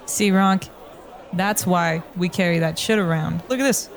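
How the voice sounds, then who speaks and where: A man playing a character in a casual tabletop role-playing game, with sarcastic quick asides. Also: sits high, some chatter behind.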